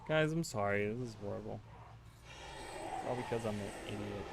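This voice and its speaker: A man's voice: on the low side, moderate pace, gravelly, pauses often, noisy background. A man streaming a game live, chatting to his viewers in a casual, easily flustered and exasperated way. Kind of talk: casual livestream chat while gaming.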